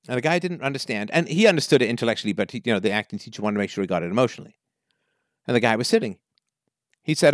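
A Canadian man hosting a call-in show gives a caller advice and tells stories, animatedly acting out the quoted voices. His medium-pitched voice races along, and the recording is dry with clean studio sound.

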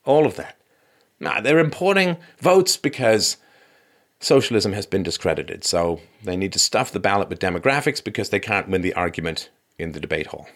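A man's voice: low voice, big pitch swings, moderate pace. A male political commentator reading out statistics with sarcastic asides and short laughs.

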